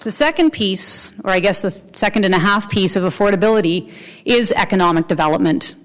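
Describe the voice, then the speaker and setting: A woman giving a formal public address as a mayor, speaking in an earnest, measured way with pauses between phrases. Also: medium pitch.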